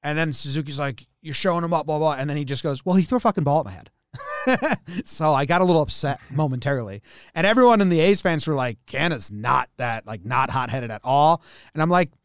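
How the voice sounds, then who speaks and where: A sports podcast co-host with a highish, resonant, clear voice speaks briskly, recorded at studio quality with no room sound. He retells a story in casual chat, acting out the quotes with animation and swearing along the way.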